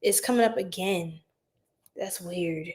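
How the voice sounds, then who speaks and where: A woman with a lowish, slightly mellow voice talks a little slowly, with faint background noise in a low-quality recording. She's a tarot reader hosting a casual livestream via phone, chatty, heavy on fillers and calling viewers "y'all."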